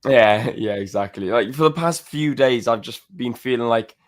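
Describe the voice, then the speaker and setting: A man's voice: mid-range voice, normal speed, a loud crowd. A man co-hosting a casual live stream, rambling and laughing, feeling a little under the weather. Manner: rambling, laughs often, restarts. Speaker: co-host.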